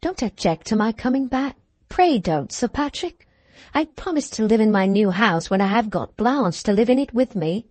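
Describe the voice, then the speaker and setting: An eager young gentleman in love, as a woman reader plays him, earnest and lifted in pitch. The sound is dry and close, without room echo. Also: lively intonation, moderate pace.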